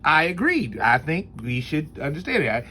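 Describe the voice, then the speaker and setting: Knife-review host, male, a touch high-voiced, talks loosely with chuckles, punches up the key points. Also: big pitch swings, moderate pace, sharp tone, slight background noise. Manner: rambling, chuckling, emphatic when listing rules. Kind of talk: casual spoken product review.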